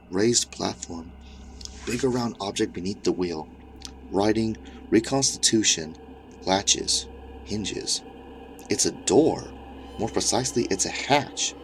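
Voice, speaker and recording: A man reading a creepy story in first person, in a measured, scripted narration. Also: fairly low pitch, creaky.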